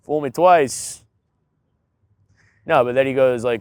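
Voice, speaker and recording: A man in casual podcast chat, ranting in an animated way and leaning on filler words. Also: medium pitch, measured pace, pauses often, clean tone, dry recording. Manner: animated, ranting, heavy use of "like" and "dude". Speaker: podcast co-host.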